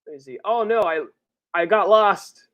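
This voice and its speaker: A streamer chatting casually on a live birthday stream, reading viewer messages and rambling in slang, with sudden high, excited outbursts. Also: normal speed. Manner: rambling, slangy, full of fillers. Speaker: livestreamer and comic creator.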